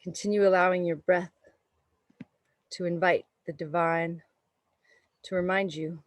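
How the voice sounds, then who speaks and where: A woman yoga teacher giving slow, soothing, meditative guidance during a class in a studio. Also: fairly low pitch, steady tone, dry recording, rough recording. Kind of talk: guided yoga class instruction.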